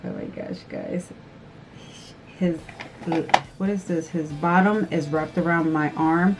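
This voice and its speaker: A woman vlogger chatting casually through a makeup tutorial, nervous and excitable, gasping and squealing often. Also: on the low side, slow, loud music behind the voice. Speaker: beauty vlogger.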